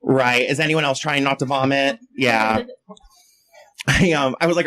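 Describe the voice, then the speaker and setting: A man doing a chatty stand-up set on a club stage, self-mocking and quick to jump into shrill voices for the people he quotes. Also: pushed and bright, no room sound. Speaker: stand-up comedian.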